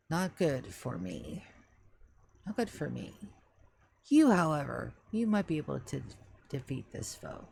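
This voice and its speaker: An ancient tree spirit speaks with slow, stately formality, as if weighing every word like an old butler, voiced by a woman in a tabletop game. The voice sits low and gravelly, and it stays soft and hushed. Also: slight background noise, full character voice. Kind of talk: tabletop game role-play.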